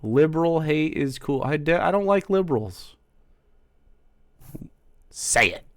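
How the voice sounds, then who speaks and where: A man's voice: a little high, expressive, normal speed, darkish tone, dry recording, clean studio sound. A male streamer in casual live-stream chat, sarcastic and mocking as he argues with viewers.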